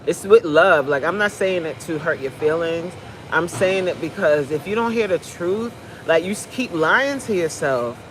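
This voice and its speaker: A woman's voice: fairly low pitch, lively intonation, moderate pace, slight background noise. A fitness coach, a woman, giving a blunt, preachy, joking pep talk on a live stream.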